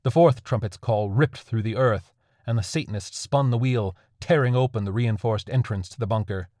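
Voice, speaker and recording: A man narrating a dark horror story in a measured, grim way. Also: on the low side, no room sound, clean studio sound.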